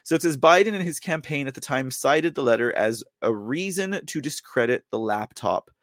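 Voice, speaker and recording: A man's voice: medium pitch, expressive, normal speed, no echo. A man hosting a podcast, giving casual political commentary, rambling with many fillers and reading news excerpts aloud. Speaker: podcast host.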